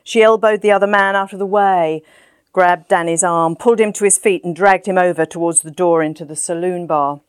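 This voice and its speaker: Woman, audiobook narration, measured, dry close mic. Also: lowish voice, steady tone, clean tone, no room sound. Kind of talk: first-person storybook narration.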